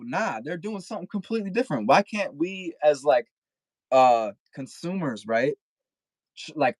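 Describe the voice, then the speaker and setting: A man's voice: medium pitch, no room sound, poor audio. A young man talking casually as a guest rapper on a podcast, rambling and swearing with lots of filler "like", over a video call.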